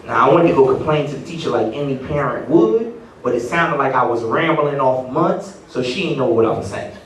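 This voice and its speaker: Animated stand-up comic in a roomy venue. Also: male voice, mid-range voice, a little fast, noisy background. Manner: animated storytelling with voiced quotes. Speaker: stand-up comedian. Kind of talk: stand-up comedy set. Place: party venue with live audience. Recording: roomy, distant venue recording. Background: audience laughter.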